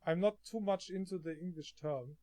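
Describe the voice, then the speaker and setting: A man streaming from home, chatting casually, often halting and laughing. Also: sits high, mellow.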